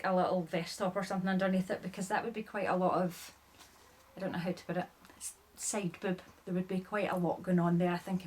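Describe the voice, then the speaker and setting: A chatty woman talks through her thrifted finds in a loose, rambling way. She sounds a bit out of breath and keeps apologizing as she goes, peppering every sentence with "like". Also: mid-range voice. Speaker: haul vlogger. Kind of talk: casual chat showing items.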